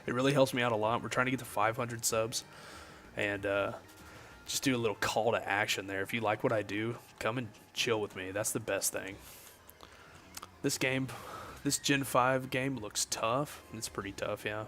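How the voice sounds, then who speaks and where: A man's voice: lowish voice, steady tone, moderate pace, fairly bright tone. Chatty young man streaming a game. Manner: chatty, jokey, reads chat aloud. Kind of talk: casual livestream chat while gaming.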